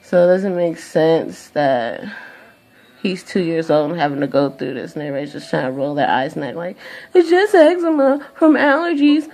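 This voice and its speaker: A woman's voice: low-pitched, brisk, mellow. A tired young woman venting in a profane, exasperated rant to camera. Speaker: vlogger.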